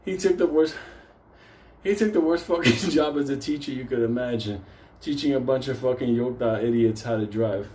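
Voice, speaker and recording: A middle-aged New man spins a crude comic story in a dark, mellow voice. He rambles, swears in nearly every breath and keeps tipping toward laughter. His pitch sits in an ordinary middle range. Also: moderate pace. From New York City. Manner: profane, rambling, easily breaks into laughter.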